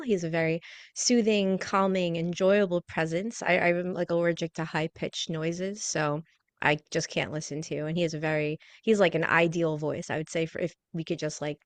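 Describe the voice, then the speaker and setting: Chatty radio host woman, lower voice. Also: no echo. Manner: chatty, many "like" fillers. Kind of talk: casual interview chat. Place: radio studio.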